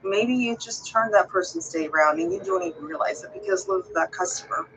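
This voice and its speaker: A woman's voice: mid-range voice, very animated, fairly quick, creaky, fairly bright tone, a little hiss or hum, rough recording. Earnest rambling woman vlogger. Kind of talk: casual heartfelt talk to viewers.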